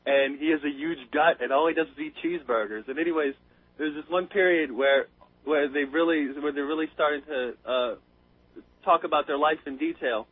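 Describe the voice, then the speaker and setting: Excitable man on a tinny phone line. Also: on the high side, brisk, husky, no echo. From United States. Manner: excited rambling storyteller, stumbles over words. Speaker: caller. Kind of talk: casual chat.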